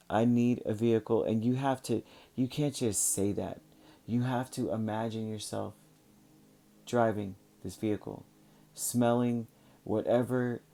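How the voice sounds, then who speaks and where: A man's voice: lowish voice, warm tone. A man giving a casual spoken tarot reading, talking straight to his viewers in a loose, coaching way with frequent fillers and restarts. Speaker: tarot reader.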